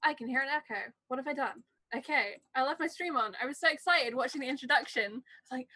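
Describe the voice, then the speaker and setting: A high, bright-voiced woman hosts the game as game master, bubbly and chatty. Her sound is close and dry, over a video-call mic. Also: fast talker, no echo, low-quality recording. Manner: bubbly, chatty, self-deprecating. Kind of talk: upbeat table-top introduction. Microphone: remote video-call mic.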